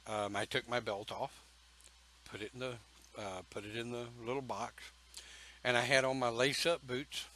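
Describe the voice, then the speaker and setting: A man telling a personal story in a slow, folksy, emphatic way, with pauses between phrases. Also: mid-range voice, steady tone, sharp tone, a little hiss or hum, poor audio. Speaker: pagan church speaker.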